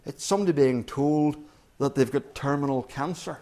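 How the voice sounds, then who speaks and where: A man's voice: on the high side, normal speed. A man preaching a sermon in an earnest, emphatic way, restarting phrases and hitting key words hard. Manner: earnest, emphatic, with frequent restarts and sudden loud stresses.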